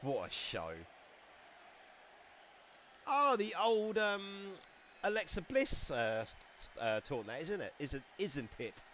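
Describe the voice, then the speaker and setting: Chatty excitable man streaming. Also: on the high side, slow, pauses often, slight background noise. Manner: chatty, excitable, laughs often. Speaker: streamer commentating a wrestling game. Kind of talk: casual live-stream commentary.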